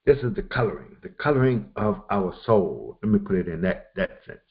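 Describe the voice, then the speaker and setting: A man giving a morning Quran commentary lesson, repeating phrases for emphasis with halting restarts. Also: lowish voice, very animated, phone-quality sound. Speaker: religious teacher.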